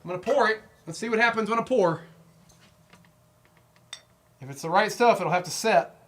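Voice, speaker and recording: A man's voice: sits high, normal speed, a bit bright. A man hosting a weekly live concert stream, chatting casually and rambling with his viewers and laughing often.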